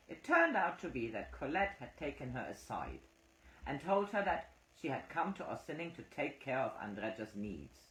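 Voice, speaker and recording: Woman narrating an audiobook, expressive, very lively pitch, echoey room. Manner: expressive reading. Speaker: audiobook reader. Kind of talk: book narration.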